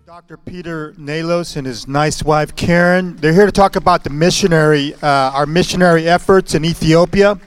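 A man's voice: fairly high pitch, normal speed, hardly any pauses, smooth, soft background music. A man hosting at church, chatting casually and restarting his words often. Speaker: pastor hosting.

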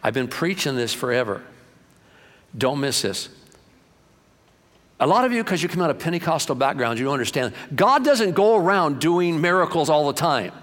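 A man's voice: a little high, very animated, normal speed, pauses often, a bit bright. A male pastor giving a sermon in an emphatic, conversational way, often repeating himself, with long hall reverb.

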